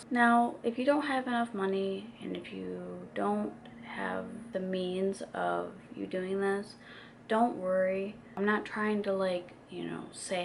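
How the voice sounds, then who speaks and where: A woman's voice: mid-range voice, gravelly, slight background noise. A woman in her twenties chatting candidly to camera in a casual vlog, talking openly with plenty of fillers. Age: 20s. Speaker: vlogger. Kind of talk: casual confessional chat to camera.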